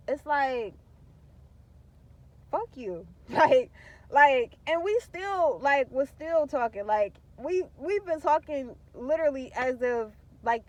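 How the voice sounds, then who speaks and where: A young woman speaks candidly to her viewers. She is blunt and profane and vents in frank, unfiltered words. Her voice sits a little high. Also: dull audio. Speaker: vlogger. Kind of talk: candid talk to camera.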